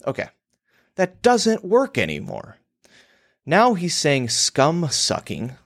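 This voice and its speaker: A man's voice: mid-range voice, wildly swooping pitch, takes it slowly, fairly bright tone, dry recording, clean studio sound. A man hosting his own show, delivering a crude, emphatic monologue on copywriting. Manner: emphatic, provocative, crude and theatrical.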